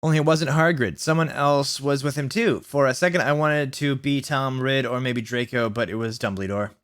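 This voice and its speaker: A man reading a bad story aloud for laughs, deadpan with mocking asides. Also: medium pitch, moderate pace, clean tone. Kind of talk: comedic dramatic reading.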